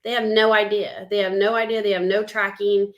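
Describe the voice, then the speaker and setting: A woman co-hosting a casual live marketing chat, relaxed and playful, sometimes tripping over her words. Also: mid-range voice, fairly quick, highs cut off. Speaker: co-host.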